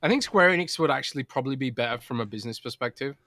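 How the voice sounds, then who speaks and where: Man, West Midlands accent, podcast co-host, bright voice, dry sound, teasing, hesitant restarts. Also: medium pitch, animated, very fast, no echo. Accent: West Midlands English. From West Midlands, England. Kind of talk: casual podcast chat.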